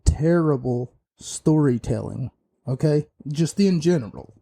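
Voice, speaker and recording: Slow, dark-voiced man rambling. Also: fairly high pitch, lively intonation, creaky. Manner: rambling, many fillers and restarts, opinionated. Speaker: podcast host. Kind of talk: casual wrestling review.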